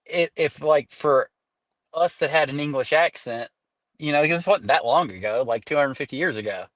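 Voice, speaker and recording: A man's voice: on the high side, moderate pace, fairly bright tone, no room sound. Man, Southern American accent, young adult, curious questioner, loose casual talk, dry close sound. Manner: curious, asks questions, trails off and restarts. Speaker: podcast co-host. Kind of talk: casual podcast chat.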